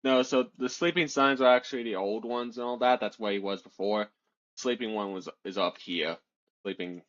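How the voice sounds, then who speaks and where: A man's voice: lowish voice, moderate pace, fairly bright tone. A man narrating as game master of a tabletop game, describing scenes and voicing characters in between. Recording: dull lo-fi audio.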